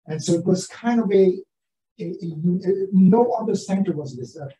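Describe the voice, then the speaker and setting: An older man speaking as an author at an academic seminar, talking in a halting way with many restarts and fillers. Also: sits high, animated, dark tone. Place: seminar room. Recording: roomy, distant from the mic.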